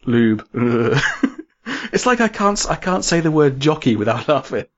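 A man's voice: on the high side, sing-song, moderate pace, fairly bright tone. A man, running a comedic tabletop game as game master. He giggles often and stumbles over repeated words. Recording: slightly muffled lo-fi audio.

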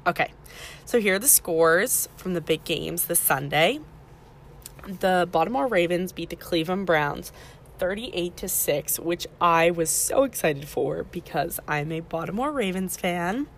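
A woman's voice: fairly low pitch, expressive, measured pace, slight background noise. A woman hosting a casual podcast, talking beginners through the basics in a chatty way and correcting herself as she goes. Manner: chatty, self-correcting, teaching beginners step by step. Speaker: podcast host.

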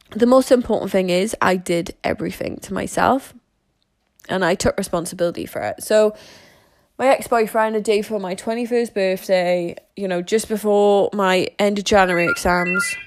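A young woman tells a personal story in a candid, rambling way and swears freely. Her voice sits at an ordinary middle pitch. The sound is dry and close, with no room echo. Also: vocal fry.

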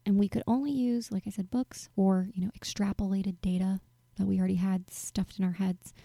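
A woman's voice: mid-range voice, steady tone, a little fast, gravelly, dark tone, dry recording, studio quality. A woman in her twenties telling a childhood story in a candid, rambling way, sometimes dropping to a whisper. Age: 20s. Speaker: vlogger answering viewer questions. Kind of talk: casual storytelling monologue.

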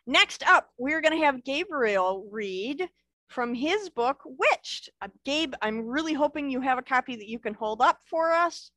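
A cheerful, encouraging woman hosts an online author event, her voice a little high. The sound is dry and close on a video call. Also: lively intonation, measured pace, sharp tone, dry recording. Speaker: event host. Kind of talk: upbeat event hosting.

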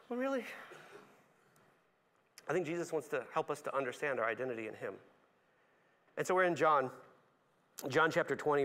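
A male pastor preaching a sermon, animated, acting out characters in quick voices and dropping to a soft, low tone for reflective points. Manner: animated, acts out voices of characters with big pitch swings.

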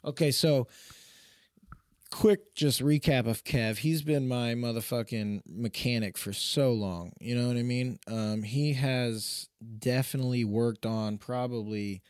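A man's voice: mid-range voice, unhurried, darkish tone, clear, resonant tone, no room sound, studio quality. A man hosting a podcast in casual chat, talking loosely with lots of swearing and "you know what I mean" fillers. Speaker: podcast host.

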